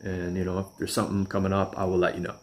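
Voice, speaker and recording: A man's voice: low voice, monotone, racing. A man casually telling a personal story, rambling and chuckling as he goes. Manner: rambling, chuckling, restarts often.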